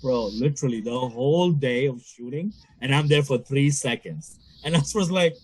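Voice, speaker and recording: A young man from the Toronto area casually telling a story on a podcast, swearing, laughing, and jumping into high voices at the punchlines. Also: normal speed, hardly any pauses, darkish tone, slightly rough. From Canada, Toronto area.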